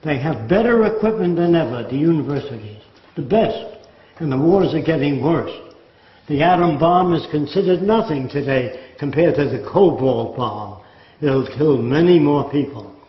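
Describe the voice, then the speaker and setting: An older man delivers a lecture-style monologue, sardonic and mocking as he mimics quotes. His voice is a little high and animated, moving at a moderate pace. The sound is dull and lo-fi, captured in an echoey room.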